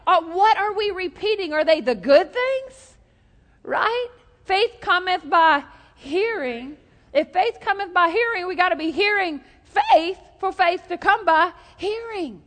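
A woman preaching a humorous sermon, animated and joking, drawing the congregation into call-and-response. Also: very high voice, measured pace, in a large hall.

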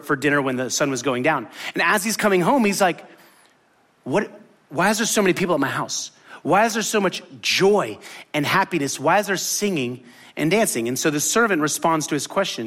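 A man's voice: on the high side, a bit bright. A man preaching a sermon, retelling a parable and acting out the characters' lines with big swings in his voice. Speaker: pastor.

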